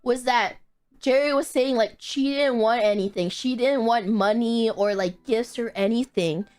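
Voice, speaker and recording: A woman streamer telling a story in casual chat, animated, swearing a lot and laughing in disbelief. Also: fairly high pitch, unhurried, soft background music.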